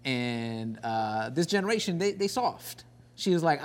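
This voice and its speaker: A man who is a guest comedian on a studio podcast, chatting casually and cracking quick jokes. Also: mid-range voice, animated. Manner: quick, joking, retells clips. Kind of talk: casual chat, storytelling.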